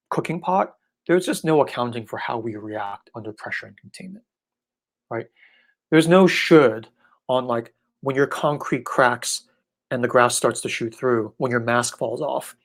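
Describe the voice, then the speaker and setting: Man, spiritual teacher, easygoing irreverent Q&A voice, mid pitch, keeps asking "right?". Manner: relaxed, irreverent, often asks "right?". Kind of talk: casual live online Q&A.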